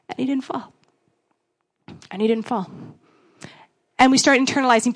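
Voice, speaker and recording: A woman giving a casual, conversational sermon, acting out voices with sudden big jumps in pitch. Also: a bit bright. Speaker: preacher.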